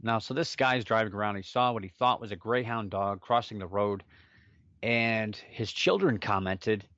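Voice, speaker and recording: Male podcast host, lowish voice, chatty and self-deprecating, dry dull home recording. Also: fairly even intonation, normal speed, a bit bright, dry recording. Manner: rambling, self-mocking asides. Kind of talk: casual solo podcast chat.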